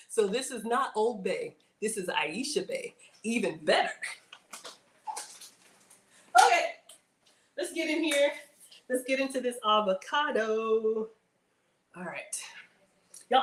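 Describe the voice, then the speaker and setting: A woman's voice: fairly high pitch, a little hiss or hum. Lady cooking live, chatty, lots of y'all, kinda echoey room. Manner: chatty, addresses viewers as y'all; playful outbursts and sing-song bits. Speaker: livestream cooking host. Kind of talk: casual livestream chat while cooking.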